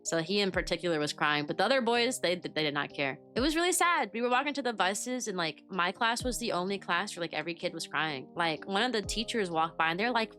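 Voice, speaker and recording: A young woman telling a story in a casual, chatty way, animated and full of "like" fillers. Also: mid-range voice, fairly quick, few pauses, faint music behind. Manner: chatty, animated, heavy use of "like". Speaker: VTuber and kindergarten teacher.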